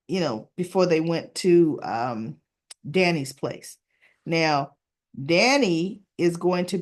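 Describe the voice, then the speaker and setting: A chatty woman recaps a soap opera episode in loose, casual talk. She jumps into a higher voice whenever she acts out the characters' lines. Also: a little mellow. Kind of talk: casual chat retelling an episode.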